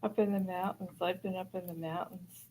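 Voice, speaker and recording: A woman in a group chat, speaking quietly and in a friendly way. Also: fairly low pitch, steady tone, a little fast, a little hiss or hum.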